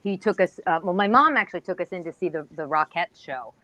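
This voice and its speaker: A woman's voice: on the low side, expressive, fast talker, crowd noise. Chatty, supportive woman hosting a live chat. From near New York, United States. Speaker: host of a live online craft chat. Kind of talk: casual chat.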